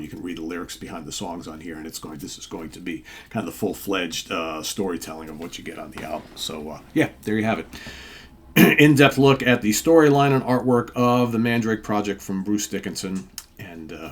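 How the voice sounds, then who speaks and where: A man hosting a casual comic book review, retelling the story in a rambling way and clearing his throat often. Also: low-pitched, a little hiss or hum. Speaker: host.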